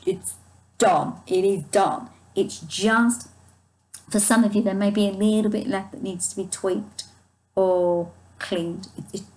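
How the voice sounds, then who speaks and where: A woman's voice: mid-range voice, a little mellow, low-quality recording. Reassuring, rambling tarot reader woman. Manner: rambling and reassuring, often restarts mid-sentence; soothing, speaks of angels guiding her. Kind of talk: casual spoken tarot reading to viewers.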